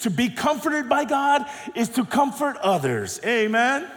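A middle-aged male pastor preaching a sermon with emphatic, dynamic delivery that swings between soft drops and loud rises. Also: extremely high pitch, sing-song, unhurried. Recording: long hall reverb.

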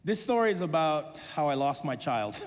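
A man in his thirties, a pastor, preaching a sermon and telling a personal story with animated self-deprecating humor. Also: on the high side, normal speed, big-room sound, slight background noise.

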